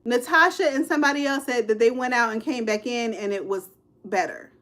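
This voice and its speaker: Talking brisk and a bit bright at a fairly high pitch, a woman in her fifties hosts a casual true-crime livestream. She addresses viewers directly with "y'all," "child" and "honey," answering their comments as they come in.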